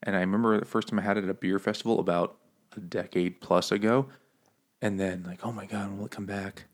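A fairly low-voiced man in his thirties co-hosts a casual chat over beers. He rambles, restarts, and laughs often at his own jokes. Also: fairly even intonation, brisk. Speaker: podcast co-host.

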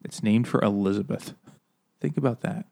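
A man's voice: on the low side, moderate pace, creaky, a little mellow. A man co-hosting a casual podcast, riffing sarcastically and laughing often. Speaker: podcast co-host. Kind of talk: casual chat.

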